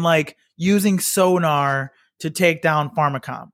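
A young man co-hosting a casual podcast, talking loosely and excitably with lots of fillers. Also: fairly high pitch, moderate pace, no echo, studio quality. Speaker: podcast co-host. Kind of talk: casual chat.

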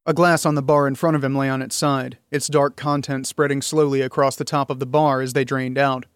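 A man's voice: medium pitch, flat delivery, brisk, clear, resonant tone, dry recording, clean studio sound. A man narrating a fantasy novel in scripted storytelling. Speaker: audiobook narrator.

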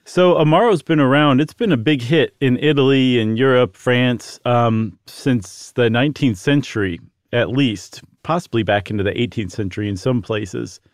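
A man's voice: mid-range voice, moderate pace, hardly any pauses, no echo, studio quality. A man co-hosting a podcast, explaining at length in a friendly, casual way with fillers. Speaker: podcast co-host.

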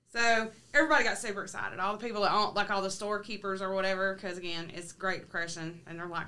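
A woman's voice: medium pitch, quick pace, few pauses, bright, forceful tone. A woman co-hosting a podcast, telling a story in casual chat, swearing freely, joking and laughing often. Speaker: podcast co-host.

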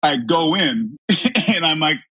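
Man, podcast guest; animated storyteller who laughs often, husky tone, dry close mic. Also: a little high, slow pace, no echo. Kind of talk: casual storytelling.

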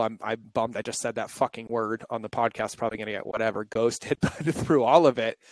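In a candid podcast conversation, a male host speaks openly and reflectively in a mid-range voice, sounding confessional, shaky and near tears. The recording is dry and rough.

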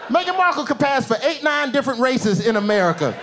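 A male stand-up comedian, performing an animated set that swings from low asides to high shouted bits on a theater stage. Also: fast talker. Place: theater stage with a laughing audience. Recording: live show with loud crowd laughter and room noise.

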